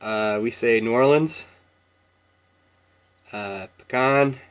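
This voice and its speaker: Slow-talking man with a Washington accent. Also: medium pitch, smooth. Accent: Pacific Northwest American. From Washington State, US. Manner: relaxed, meandering, with laughs and many fillers. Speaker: vlogger. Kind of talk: casual accent tag video.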